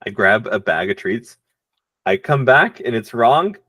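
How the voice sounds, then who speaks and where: Playful male player, very animated pitch, dry close sound. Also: a little slow, slightly rough, no echo. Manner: playful, laughing, hamming it up. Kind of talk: tabletop role-play.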